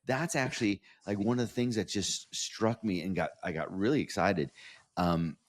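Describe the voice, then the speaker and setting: A man with a very low, deep voice hosts a casual podcast interview. He talks with gushing enthusiasm, often stumbling and restarting his phrases as he goes. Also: moderate pace. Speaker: podcast host.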